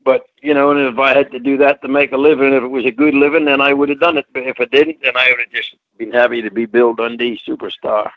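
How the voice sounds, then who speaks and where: A man's voice: medium pitch, level tone, quick pace, hardly any pauses, no room sound, phone-quality sound. An older man from Scotland, a retired wrestler, telling rambling folksy stories in a casual interview. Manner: folksy, rambling storyteller who does voices in his anecdotes. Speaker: retired pro wrestler guest.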